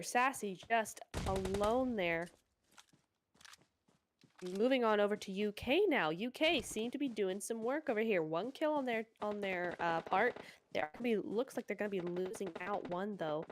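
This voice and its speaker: A woman casting a mobile shooter tournament live, chatty and quick to exclaim at the action. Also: medium pitch, a little hiss or hum. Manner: excitable, chatty, exclaims often. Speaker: esports caster. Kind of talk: live play-by-play commentary.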